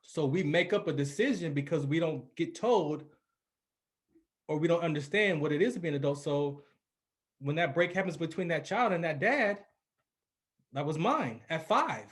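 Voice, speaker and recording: A man's voice: on the high side, lively intonation, moderate pace. A man in his forties from California, a radio personality and podcast guest, speaking earnestly and with emphasis as he tells a personal story in casual conversation. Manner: earnest and emphatic, acts out quoted voices.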